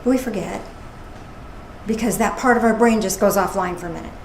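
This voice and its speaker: A woman minister giving a casual, playful sermon with animated asides. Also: medium pitch, brisk, gravelly. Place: church service. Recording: echoey room with faint noise.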